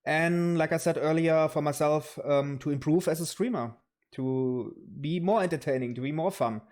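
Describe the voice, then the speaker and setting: A man's voice: fairly high pitch, normal speed, a little mellow. A man with a German accent, a guest streamer in a casual chat who talks bluntly and swears freely.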